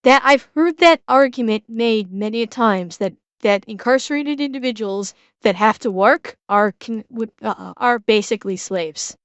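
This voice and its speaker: Crisp-voiced woman streamer, dry close sound. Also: fairly high pitch, moderate pace, hardly any pauses, no echo, highs cut off. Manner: blunt, swears freely, restarts often. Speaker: streamer reacting to a video. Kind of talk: casual live-stream commentary.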